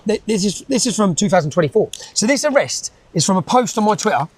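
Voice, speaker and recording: A man's voice: high voice, lively intonation, fast talker, rough recording. A man, a guest in a conversational interview, talking emphatically and repeating his points with tag questions.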